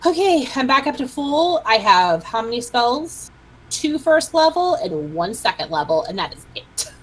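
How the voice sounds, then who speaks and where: Husky woman playing a tabletop game. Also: fairly high pitch, sing-song, normal speed, low-quality recording. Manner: chatty, joking. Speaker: player. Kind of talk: casual tabletop game chat.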